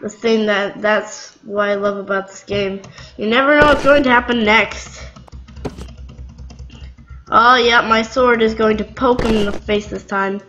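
A young woman giving casual, excitable gameplay commentary, giggling and squealing. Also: medium pitch, a little slow, lo-fi sound, a little hiss or hum. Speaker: gamer.

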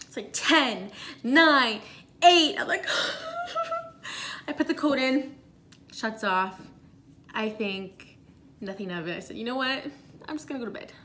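A young woman tells a story straight to camera with a bright, forceful tone. Her voice sits a little high, and she rushes through the tense parts, piling on fillers. It is a casual, animated storytime delivery. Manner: animated, breathless retelling with many fillers. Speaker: vlogger.

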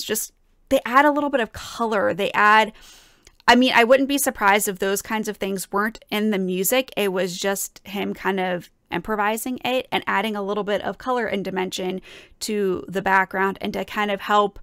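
A woman's voice: medium pitch, a bit bright, no echo, studio quality. A young woman flute player reacting to a song, talking with enthusiasm and gushing praise, full of fillers and restarts. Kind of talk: casual reaction and analysis.

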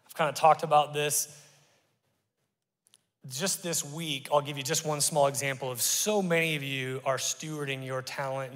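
A middle-aged man preaches from the pulpit in a casual, animated way, swinging from quiet asides to sudden loud bursts. His voice sits a bit high for a man. The sound rings with the long reverb of a large church hall. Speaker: pastor. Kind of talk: sermon. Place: church sanctuary.

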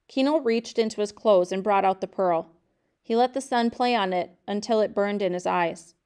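Reading a novel aloud, a woman keeps a calm, measured pace. Her mid-pitched voice is smooth and clear, and her delivery stays even and unhurried.

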